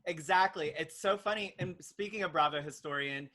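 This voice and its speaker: A man's voice: on the high side, moderate pace, bright, forceful tone. A young man who is a guest on a podcast, chatting casually and enthusiastically, full of "like" and "literally". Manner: enthusiastic fan talk, filled with "like" and "literally". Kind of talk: casual chat.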